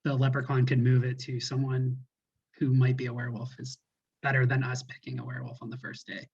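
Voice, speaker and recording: A man's voice: mid-range voice, brisk, darkish tone, slightly rough. A man playing an online party game, agreeably thinking his reasoning aloud over a video call. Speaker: game player. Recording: dull lo-fi call audio.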